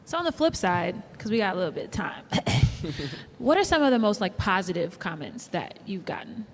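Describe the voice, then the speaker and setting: A woman's voice: mid-range voice, sing-song, moderate pace, a little hiss or hum. A woman moderating a live panel, upbeat and affirming as she asks questions.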